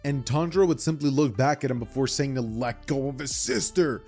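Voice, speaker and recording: A young man casually retelling a fan-fiction story for his channel, rambling and animated with side comments. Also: medium pitch, a little fast, soft background music. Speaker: YouTuber.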